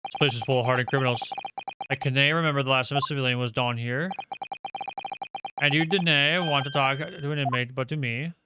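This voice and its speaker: A man voicing a stern prison governor who talks bluntly and brusquely, over loud game music. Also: mid-range voice, fairly even intonation, a little fast, natural voice, rough recording.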